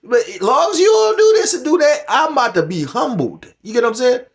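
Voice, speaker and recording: A man's voice: very high voice, very animated, fairly quick. A middle-aged man giving rambling, profane commentary on scripture and current events, heated and full of restarts. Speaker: religious commentator.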